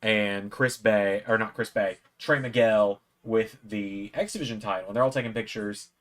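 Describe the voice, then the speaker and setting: Fairly low in pitch, this man talks at normal speed in a steady tone. He's hosting a watch-along from home, casually drifting through a lengthy personal anecdote and performing quotes in a louder voice.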